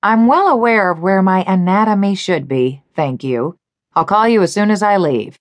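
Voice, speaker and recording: A woman's voice: medium pitch, animated, moderate pace, dry recording, lightly acted. A woman narrator voicing a harried male businessman with a wry, exasperated manner.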